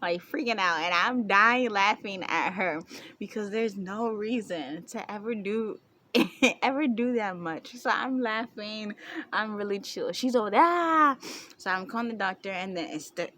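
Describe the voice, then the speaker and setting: A woman's voice: mid-range voice, normal speed, bright, forceful tone, slight background noise. A young woman vlogger casually telling a story to the camera, chatty, with frequent laughter. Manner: chatty, laughing often, many fillers.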